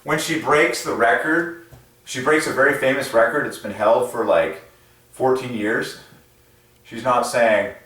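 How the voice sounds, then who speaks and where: Excitable man in a very echoey room. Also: unhurried. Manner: excitable, with many fillers and sudden jumps in pitch. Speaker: religious numerology video host. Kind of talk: rambling casual monologue. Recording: very echoey room, far from mic.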